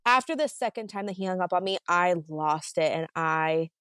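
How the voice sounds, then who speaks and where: A woman, a podcast guest, telling her story in a casual, animated way and acting out both sides of a phone argument. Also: lowish voice, normal speed, smooth, dry recording, clean studio sound.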